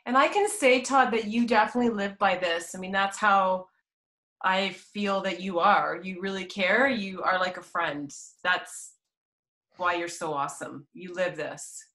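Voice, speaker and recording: Bright-voiced woman on a video call. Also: medium pitch, measured pace. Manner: admiring, praising the guest.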